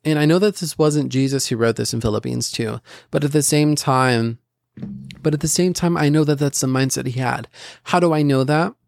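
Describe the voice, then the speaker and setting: Guy doing a christian podcast, earnest and rambly, gravelly voice, dry close sound. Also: fairly high pitch, moderate pace, dry recording. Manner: earnest, rambling, with restarts and asides. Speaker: podcast host. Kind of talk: casual Christian podcast reflection.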